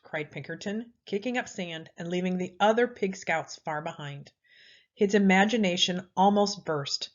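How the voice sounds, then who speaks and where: A woman's voice: lowish voice, normal speed. Lady reading a kids story with lots of expression, kinda muffled recording. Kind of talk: children's story read-aloud. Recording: slightly dull lo-fi audio.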